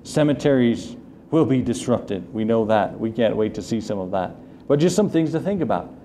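A man's voice: mid-range voice, lively intonation, moderate pace, warm tone, slight background noise. A man preaching a sermon as pastor, earnest and building to emphatic questions. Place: church sanctuary.

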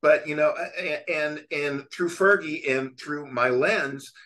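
A man's voice: on the high side, slow pace. A middle-aged man from California, a sports photographer, telling long anecdotes in a casual chat with frequent restarts. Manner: rambling, animated storyteller with many restarts.

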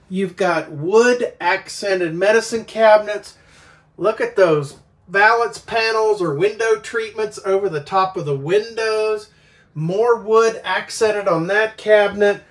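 A man giving an enthusiastic walkthrough tour of a travel trailer as a salesman, eagerly pointing out each feature. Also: sits high. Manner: excited, keeps pointing things out "right there".

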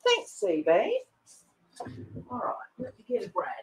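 A husky-voiced woman talks her way through a craft project, chatting to herself and her viewers. She speaks slowly, and her pitch sits low but swings about a lot. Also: huge pitch swings, low-quality recording. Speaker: craft video host. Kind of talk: casual crafting commentary.

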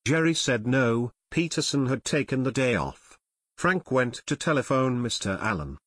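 Male narrator, mid pitch, steady measured read, dry close studio sound. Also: no room sound. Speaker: audiobook narrator. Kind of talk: scripted audiobook narration.

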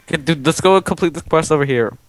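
A man's voice: a little high, fast talker, a little hiss or hum, rough recording. Teasing young man in gaming banter. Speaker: gaming partner. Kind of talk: casual gaming commentary.

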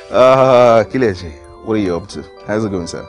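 A young man with a Nigerian accent playing an affectionate grown son. He teases and sweet-talks his parents on the phone and switches between English, pidgin and Yoruba. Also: fairly low pitch. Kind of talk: film dialogue.

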